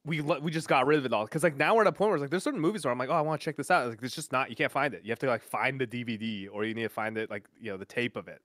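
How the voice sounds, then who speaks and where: Fast-talking man, dry sound. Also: mid-range voice, fairly bright tone, dry recording. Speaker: podcast guest. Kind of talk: casual chat.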